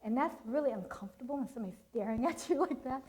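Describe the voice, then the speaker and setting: A middle-aged woman telling lively stories about training children to a church audience, laughing often and acting out what people said. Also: a little high, quick pace, rough recording. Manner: animated storytelling, laughs often, acts out quotes. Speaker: Christian child-training speaker. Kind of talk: storytelling talk to a church audience.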